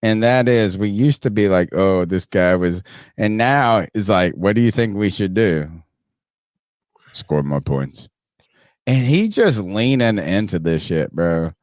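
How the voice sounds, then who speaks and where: A man co-hosts a sports podcast in loose, profane banter, cracking jokes as he goes. His voice sits low but swings widely in pitch. The recording is dry and close. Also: a little slow, no room sound. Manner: animated, profane, joking. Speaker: podcast host. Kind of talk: casual sports chat.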